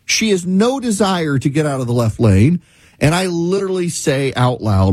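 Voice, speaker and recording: A man's voice: on the high side, sing-song, moderate pace, darkish tone, no room sound. A man hosting a talk show, delivering an exasperated, sarcastic ranting monologue.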